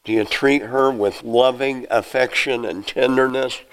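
A man's voice: medium pitch, fairly even intonation, a little slow, rough recording. A middle-aged man preaching a sermon as pastor, earnest and asking the congregation questions.

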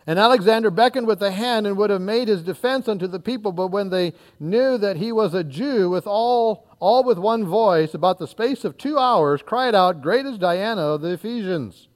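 A man preaching an expository sermon, reading scripture aloud and explaining it verse by verse, acting out the crowd and dropping into quiet asides. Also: moderate pace, few pauses. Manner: animated, acts out the crowd, dropping to low asides.

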